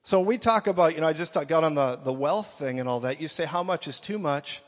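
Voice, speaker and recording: Man, preacher, emphatic sermon, fairly high voice, mock voices for quotes, long hall reverb. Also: lively intonation, brisk. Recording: long reverb, dull lo-fi sound.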